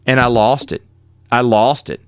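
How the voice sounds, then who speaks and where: A man's voice: medium pitch, normal speed, clean tone, dry recording. Middle aged guy rambling thru old college stories, dry close mic, keeps restarting sentences. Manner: rambling, animated, with self-corrections. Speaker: podcast host. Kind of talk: casual storytelling monologue.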